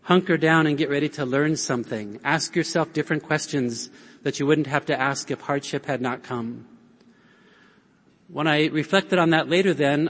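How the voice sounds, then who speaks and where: Casting: earnest male speaker preaching to a conference crowd, slightly high voice, long hall echo. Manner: earnest, prompts audience with "right?" and call-and-response. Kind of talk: conference talk preaching to an audience.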